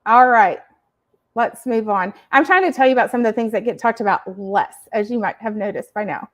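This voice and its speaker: A woman podcast host explaining ideas to parents in an animated, emphatic teaching style. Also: a little high, brisk. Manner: animated, emphatic, uses acted examples. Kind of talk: educational explaining.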